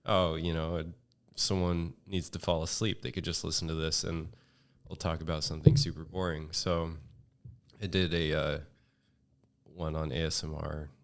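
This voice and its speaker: A man speaking as a podcast guest in a monotone, casual chat full of fillers and restarts. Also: rumbling low, moderate pace, gravelly, slight background noise. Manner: rambling, with many fillers and restarts.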